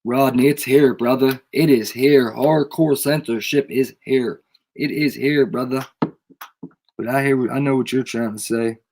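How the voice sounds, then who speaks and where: A man's voice: mid-range voice, fairly even intonation, measured pace, gravelly, a little mellow, a little hiss or hum. A man with a head cold ranting casually to a live audience, emphatic and slangy, repeating his points over and over. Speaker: channel host. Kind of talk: casual livestream rant.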